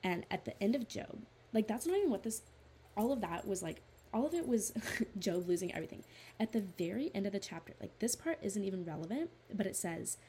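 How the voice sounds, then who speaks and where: A woman's voice: mid-range voice, lively intonation, brisk, warm tone, a little hiss or hum. A young woman giving a casual, earnest Bible study talk, chatty with lots of "like" fillers, reading scripture aloud between her own thoughts. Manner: reads scripture aloud in a steadier voice. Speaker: devotional Bible speaker.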